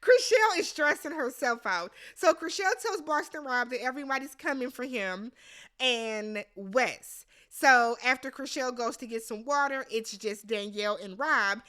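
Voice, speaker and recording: A woman giving a casual, slangy recap of a reality show, quoting the players in lively voices. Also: fairly high pitch, a little slow. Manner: animated, slangy, quotes people in put-on voices. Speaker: recap vlogger.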